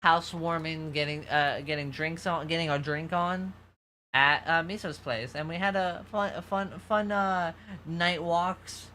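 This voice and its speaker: A man with a soft, feminine-sounding voice and a slight New York accent, chatting loosely to a livestream audience. His tone is bright and forward, and he swears freely as his stories wander. A faint hum of noise sits under the voice. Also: a little high, steady tone, a little slow. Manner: rambling, profane storytelling to chat. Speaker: VTuber streamer. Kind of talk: casual livestream chat.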